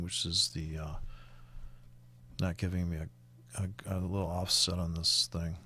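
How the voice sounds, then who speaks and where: A man's voice: low voice, normal speed, bright, forceful tone, slightly rough. A man with a Canadian accent talking through currency charts in a casual, rambling way, with many fillers and restarts. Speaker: forex trading commentator. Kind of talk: casual screen-share chart walkthrough.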